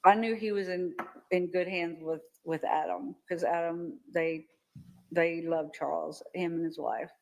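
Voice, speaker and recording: An older woman testifying as a witness in a courtroom. She talks haltingly and often repeats words as she recalls events. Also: lowish voice, steady tone, darkish tone, rough recording. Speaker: trial witness.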